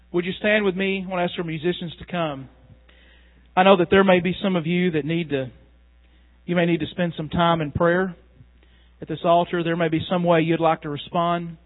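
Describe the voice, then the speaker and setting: A man preaching a sermon as pastor, earnest and warm in appeal, closing with a prayer and an altar call. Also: on the high side, fairly even intonation, fairly quick. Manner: earnest preaching, rising with emotion when reading the poem. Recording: tinny phone-like sound with mains hum.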